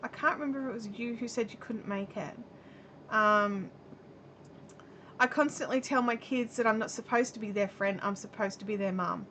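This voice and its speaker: Reading viewer comments aloud as she crochets, a middle-aged Australian woman rambles through casual chat on her home live stream. She speaks at normal speed in a fairly high, slightly bright voice, and the camera mic adds a little hiss or hum.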